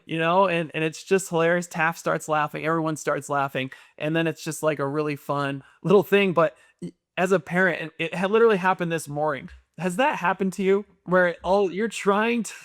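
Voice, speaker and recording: Laughing, animated male co-host. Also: high voice, no echo, clean studio sound. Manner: animated storyteller, laughs often. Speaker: podcast co-host. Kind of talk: casual chat.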